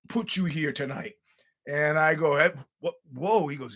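A man's voice: on the high side, moderate pace. A man hosting a podcast, telling a long profane story in a casual monologue and acting out what people said. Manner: profane, animated storytelling with acted-out quotes. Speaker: podcast host.

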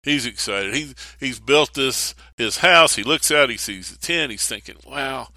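Male pastor, sermon preview, bright forceful tone, dry close mic, animated storyteller. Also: medium pitch, moderate pace, dry recording. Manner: animated storytelling, acts out quoted voices.

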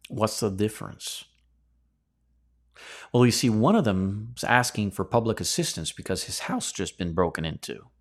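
A man's voice: fairly low pitch, moderate pace. A man teaching scripture verse by verse on a podcast, conversational and full of rhetorical questions. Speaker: podcast preacher.

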